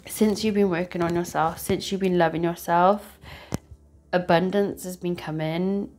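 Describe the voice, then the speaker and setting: A woman with a lowish voice talks her way through a casual tarot reading. She is chatty and rambling, and often breaks into laughter as she goes. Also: steady tone, unhurried, a little mellow. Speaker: tarot reader.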